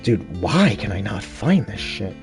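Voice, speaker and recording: A man's voice: on the low side, big pitch swings, a little slow, faint music behind. A young man doing casual, rambling, giddy gaming commentary between dub lines. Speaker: fan dubber and let's player.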